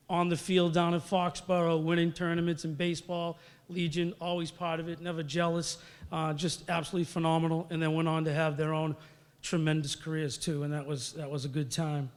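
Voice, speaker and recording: A man's voice: a little high, level tone, fairly quick, in a large hall. Middle-aged New man telling stories. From Massachusetts. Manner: storytelling, conversational with fillers, acting out quotes. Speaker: hall of fame inductee. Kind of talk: acceptance speech.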